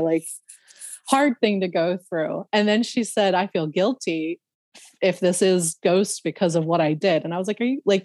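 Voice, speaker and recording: A woman, a podcast guest, telling a personal story in a casual, animated way, laughing often and imitating other people's voices. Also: fairly low pitch, no echo.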